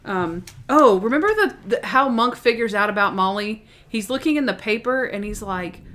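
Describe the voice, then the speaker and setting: A woman co-hosting a podcast, talking in an animated, rambling way with restarts and quoted asides. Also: medium pitch, moderate pace, hardly any pauses. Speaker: podcast co-host. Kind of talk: casual chat.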